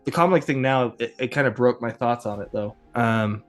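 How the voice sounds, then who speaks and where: A podcast host is having a casual chat, rambling along with plenty of fillers and chuckles. His voice is mid-range and moves at a moderate pace, with soft music playing in the background.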